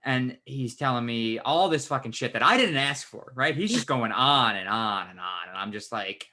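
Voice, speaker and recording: Bright-voiced man swearing through a story. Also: mid-range voice, moderate pace. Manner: swears a lot, animated retelling. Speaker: podcast co-host. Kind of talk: casual storytelling chat.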